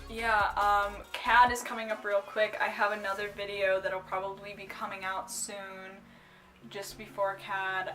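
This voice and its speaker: Bright-voiced young woman telling a rambling story. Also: mid-range voice. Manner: rambling, full of "like" and "um"; giggly, bursts into excited squeals. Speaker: cosplay vlogger. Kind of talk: casual story time.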